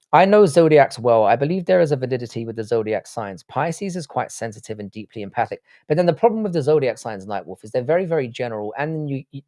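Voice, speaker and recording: A man's voice: medium pitch, darkish tone, no room sound, studio quality. A man from Ireland with a British accent, hosting a livestream and chatting casually and bluntly as he reads out viewer comments, swearing freely. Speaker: livestream host.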